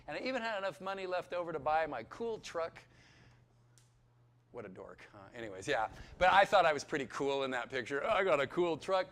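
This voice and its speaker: A man in his fifties giving a personal testimony to a crowd. His voice sits high and swings widely in pitch. He tells the story in an animated, chatty way and keeps checking in with his listeners. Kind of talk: lively storytelling testimony to an audience.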